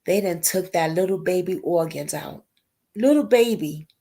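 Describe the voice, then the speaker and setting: A woman's voice: lowish voice, fairly even intonation, normal speed, gravelly, mellow. A woman hosting a casual livestream chat, talking emotionally and in a rambling way, greeting viewers by name. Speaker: livestream host.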